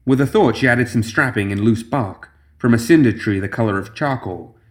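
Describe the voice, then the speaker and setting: Man narrating a dark fantasy story. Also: mid-range voice, moderate pace. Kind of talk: scripted narration.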